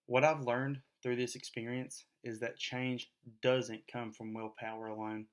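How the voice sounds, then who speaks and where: A man presenting a class assignment as a parent, in a scripted first-person talk, earnest and measured. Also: mid-range voice, little pitch movement.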